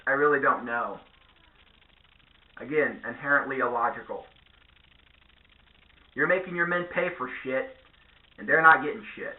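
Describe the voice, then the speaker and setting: A vlogger delivers a ranting monologue in a medium-pitched voice at normal speed with long pauses, the audio narrow and tinny, like a phone mic in an echoey room. He is sarcastic, profane, and animated as he rants.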